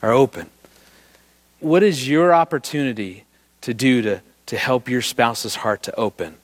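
Speaking a little slowly at a medium pitch, a middle-aged man presents on marriage before a live audience. He tells lively stories and keeps quizzing his listeners, an animated storyteller throughout.

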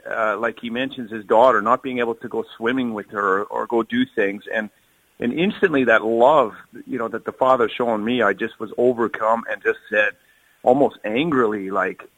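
Earnest, bright-voiced man on a call. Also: mid-range voice, dry recording, rough recording. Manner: earnest, emotional, repeats words while searching. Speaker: kidney donor, firefighter. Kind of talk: phone interview. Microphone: phone call.

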